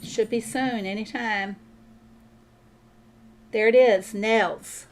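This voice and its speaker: A woman's voice: fairly high pitch, fairly even intonation, slow pace, a little hiss or hum. A woman chatting casually while she plays a farming game on stream, thinking aloud and answering viewers. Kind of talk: casual gameplay commentary.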